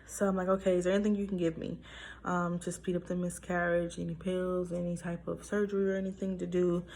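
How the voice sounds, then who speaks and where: A young woman with a lowish voice talks to her viewers about something painful, holding back emotion as she goes. She talks casually, with lots of ums and likes, and a faint hiss sits under the recording. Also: level tone, fairly quick, vocal fry, a little mellow. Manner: emotional, talks through it with fillers. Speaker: vlogger sharing a personal story. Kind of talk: casual personal storytelling.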